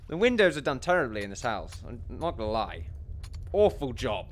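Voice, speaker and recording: A man's voice: mid-range voice, sing-song, normal speed. A young man rambling and laughing at himself while commenting on a building game, with faint music underneath. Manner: rambling, self-deprecating, laughs often. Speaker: gaming commentator. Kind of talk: casual let's play commentary.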